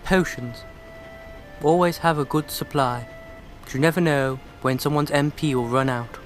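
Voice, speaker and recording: A man voicing a gentle, grateful young princess from a video game, reading her lines in a raised, slowed voice. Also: fairly even intonation, soft background music, natural voice. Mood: earnest. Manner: raised pitch, slow, sweetly sincere.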